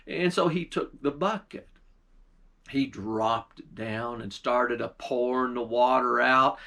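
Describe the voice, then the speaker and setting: A man's voice: medium pitch, a little slow, a bit bright. Folksy male pastor telling a tale. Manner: folksy, drawling. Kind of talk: folk tale storytelling.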